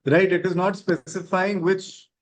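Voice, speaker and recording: A man's voice: sits high, level tone, measured pace, low-quality recording. A man teaching an online grammar class, encouraging students and checking with "right?".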